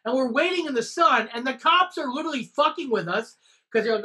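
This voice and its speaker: Woman, podcast co-host, animated storyteller who curses freely; bright, slightly high voice. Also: brisk, slightly rough. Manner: animated storytelling with frequent swearing. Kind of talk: casual chat.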